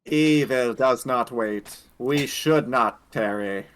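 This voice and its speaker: A man's voice: mid-range voice, slow pace, noisy background, lightly acted. A man voicing a stern, humorless male crusader in a tabletop game, stiff and formal. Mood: solemn.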